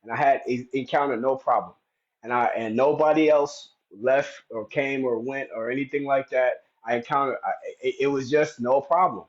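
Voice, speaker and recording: A man's voice: medium pitch, fairly even intonation, moderate pace, muffled recording. A man hosting a live stream, talking in a rambling, heated way with many restarts. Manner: heated, indignant storytelling.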